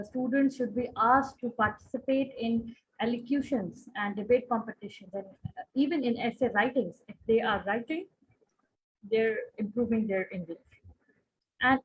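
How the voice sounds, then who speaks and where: A woman from Pakistan speaks earnestly on a panel, in long winding sentences that often restart. Her voice sits a little high and sounds husky. The online call audio comes through muffled and lo-fi. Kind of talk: conference panel discussion.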